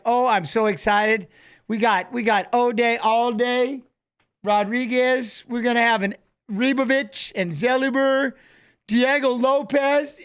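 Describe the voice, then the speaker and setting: Brief: middle-aged male host, high-pitched voice, loose, profane, joking chatter. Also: fairly bright tone. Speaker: show host. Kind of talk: casual livestream chat.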